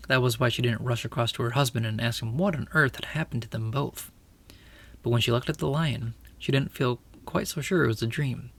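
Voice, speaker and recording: A man narrating a storybook aloud with steady, expressive storytelling. His voice is gravelly and sits at a middling pitch. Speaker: audiobook reader.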